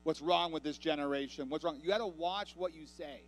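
A man preaching a sermon, telling a story with rising passion and growing loudness. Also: fairly high pitch, brisk. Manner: impassioned storytelling, building in volume. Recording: reverberant hall with mains hum.

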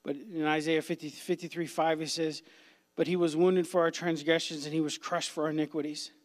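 A man preaching a youth sermon as a pastor, impassioned, swinging between hushed whispers and loud cries. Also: a little high, little pitch movement, a little fast. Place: church sanctuary. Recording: long hall reverb.

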